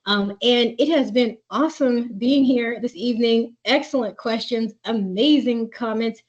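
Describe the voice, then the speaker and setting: A woman's voice: on the high side, measured pace. Woman coaching parents on a webinar, um-filled chatty answers, muffled lo-fi call audio. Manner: reads parent questions aloud, then coaches warmly with filler words. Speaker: webinar presenter. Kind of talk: live webinar Q&A.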